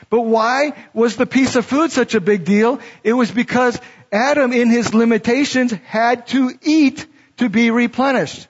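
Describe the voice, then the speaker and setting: Speaking with an extremely high pitch and a breathy edge, a middle-aged male pastor reads passages of scripture before explaining them like a teacher. The audio quality is dull and lo-fi.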